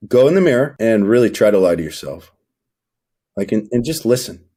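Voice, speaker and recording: A young man appears as a podcast guest coaching fathers, giving motivational interview talk in an emphatic, preachy way and acting out scenes. His voice is on the low side, sing-song and brisk, with a dark tone.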